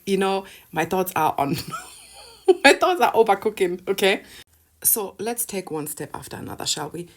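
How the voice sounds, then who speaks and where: A woman vlogger ranting casually to camera, sarcastic and profane, with bursts of laughter between points. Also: fairly low pitch.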